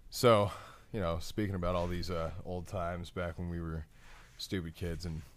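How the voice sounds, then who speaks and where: A man in his thirties with a very low voice, chatting on a podcast in an easygoing, rambling way. He leans on fillers as he looks back on old times. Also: flat delivery, normal speed. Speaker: podcast co-host. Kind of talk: casual chat.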